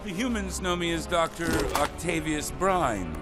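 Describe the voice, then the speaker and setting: An actor playing a bitter, scheming male octopus villain in an animated film, with theatrical, drawn-out delivery. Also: a little high, loud music behind the voice. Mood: menacing. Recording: film audio over score.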